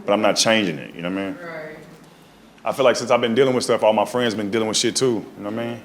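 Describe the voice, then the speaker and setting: A male stand-up comedian telling stories in an animated way, often checking in with the crowd. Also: lowish voice, quick pace, a little hiss or hum. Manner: animated, storytelling, often asks "right?". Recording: live club with loud audience laughter.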